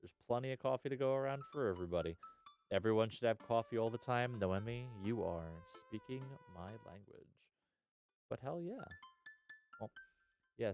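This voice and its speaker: A man's voice: medium pitch, a little mellow, clean tone. A man streaming live, chatting casually and rambling with viewers, dropping lots of "uh" and "hell yeah".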